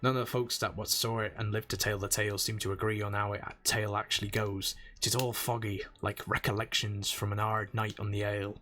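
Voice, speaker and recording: Guy doing a boisterous harbor barkeep, rough sea-dog brogue, rambling and folksy. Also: fairly low pitch, a little slow, a bit bright. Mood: grim. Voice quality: exaggerated rough seafaring brogue. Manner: boisterous, folksy, long-winded. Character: gruff middle-aged male harbor tavern keeper.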